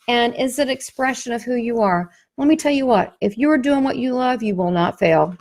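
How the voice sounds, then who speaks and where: Animated Southern woman, a motivational talker. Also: sits high, normal speed. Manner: emphatic, folksy, animated storytelling. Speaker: psychic medium, workshop host. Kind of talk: motivational promo talk.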